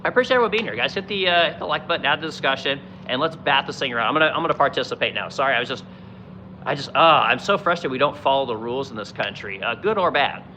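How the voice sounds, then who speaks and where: A man's voice: medium pitch, lively intonation, racing, pushed and bright, a little hiss or hum. A man hosting a political livestream, ranting in a profane, exasperated way and mocking politicians in quoted voices.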